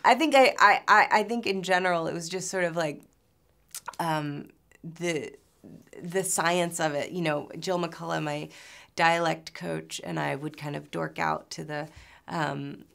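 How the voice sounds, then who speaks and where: A woman's voice: sits low, fairly even intonation, measured pace, creaky, fairly bright tone. A woman from New York in her thirties, an actress answering interview questions in a chatty way, full of fillers and restarts.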